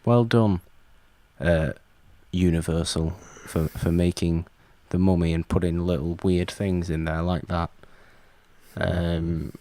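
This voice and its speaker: A man co-hosting a podcast, chatting casually about old films in an animated way and stumbling over his words now and then. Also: sits low, slow pace. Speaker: podcast co-host.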